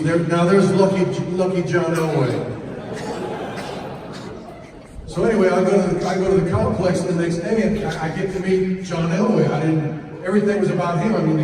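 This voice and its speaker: Animated man telling stories in an echoey hall. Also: fairly high pitch, noisy background. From Florida. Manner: animated, self-mocking, acts out dialogue. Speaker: banquet speaker. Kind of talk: humorous storytelling speech. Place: large banquet hall. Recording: echoey hall from far off, faint ambience.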